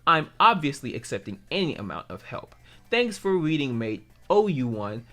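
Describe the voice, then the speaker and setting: A man reading aloud a scammer's begging message, putting on a slow, overly polite pleading voice. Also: mid-range voice, very animated, sharp tone. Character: pleading young male scammer begging for money.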